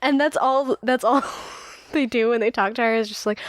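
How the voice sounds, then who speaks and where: A woman's voice: a little high, fairly even intonation, moderate pace, dry recording. Young new york woman chatting on a podcast, lots of likes and laughs, dry close sound. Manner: chatty, laughs often, many "like" fillers. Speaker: podcast co-host. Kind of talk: casual chat.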